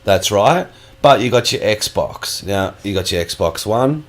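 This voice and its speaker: A man's voice: on the low side, animated, slow. A man co-hosting a gaming podcast, chatting casually and swearing freely. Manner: sweary, rambling, laid-back. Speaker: podcast co-host. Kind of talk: casual chat.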